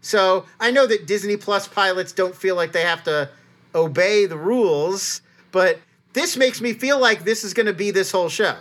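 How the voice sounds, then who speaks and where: A man co-hosting a casual podcast chat, talking fast and animated with many restarts. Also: sits high. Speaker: podcast co-host.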